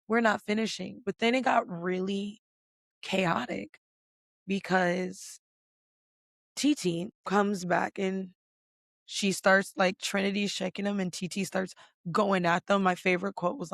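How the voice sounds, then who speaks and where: A woman host recaps reality TV in loose, profane, emphatic chat, with plenty of "like" fillers. Her voice has a gravelly, vocal-fry edge. The recording is dry and close, with no room sound. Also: mid-range voice, fairly even intonation, unhurried, long pauses, no room sound. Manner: emphatic, heavy swearing, lots of "like" fillers; fired up, rising loud when indignant. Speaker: podcast host.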